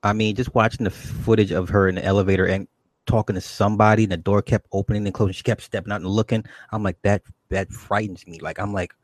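A man's voice: on the low side, steady tone, quick pace, no room sound. An American man hosting a live stream, talking loosely in a rambling, casual way, swearing often and calling his guest brother.

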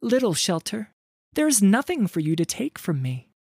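A man voicing a frightened, wary young woman of the ice clans in a high, tense voice. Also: big pitch swings, slow, gravelly, warm tone, dry recording, studio quality, heavily acted.

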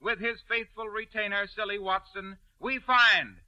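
A man announcing a 1930s radio comedy with crisp, formal delivery. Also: sits high, steady tone, a little slow, no room sound. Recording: muffled 1930s radio broadcast, faint band music.

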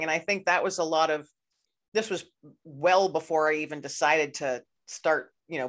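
A woman's voice: on the low side, a bit bright. A woman hosting a podcast interview, talking in a chatty, rambling way with many "you know"s. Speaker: podcast host. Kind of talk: casual conversational interview.

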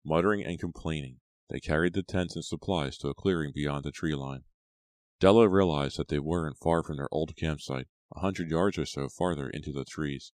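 Very deep-voiced male audiobook narrator. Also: moderate pace, a little mellow, no room sound, clean studio sound. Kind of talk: scripted narration.

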